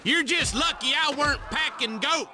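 An actor playing a loud, crude, hot-tempered hillbilly golfer in a video game, hollering in a twangy rural drawl. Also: male voice, extremely high pitch, normal speed, noisy background. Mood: rowdy. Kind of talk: video game character lines.

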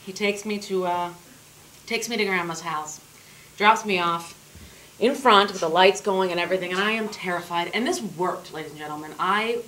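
A woman doing stand-up, telling a story in an animated, profane and self-mocking way on a theater stage. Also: lowish voice, moderate pace. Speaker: stand-up comedian. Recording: loud background noise, live theater.

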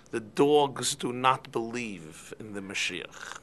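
A man, a rabbi, giving an evening class and telling stories in an animated way. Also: medium pitch, takes it slowly. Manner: animated storyteller. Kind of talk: lecture with storytelling.

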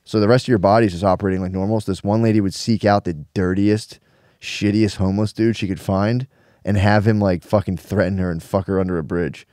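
A man, co-hosting a podcast. His voice sits low and is recorded dry, with no room around it. He tells stories in a loose, rambling, profane way. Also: fairly even intonation, brisk, darkish tone, no echo. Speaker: podcast co-host. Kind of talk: casual chat.

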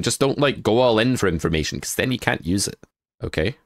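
A man hosting a casual poker hand review, joking and thinking out loud with excitement. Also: lowish voice, moderate pace, dry recording.

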